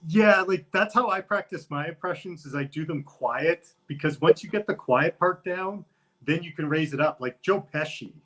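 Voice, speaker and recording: Easygoing male podcast guest, slightly high. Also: normal speed, fairly bright tone. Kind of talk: casual interview chat.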